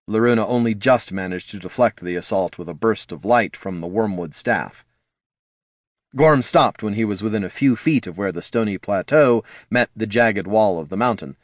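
A man narrating a fantasy audiobook in a measured storytelling manner. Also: lowish voice, no room sound, studio quality. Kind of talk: scripted narration.

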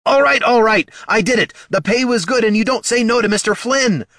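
Frantic cornered assassin, high and loud, done by a male narrator. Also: lively intonation, brisk, dry recording, studio quality, exaggerated voice. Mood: panicked. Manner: shrieking, begging. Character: panicky sneaky male assassin, pleading.

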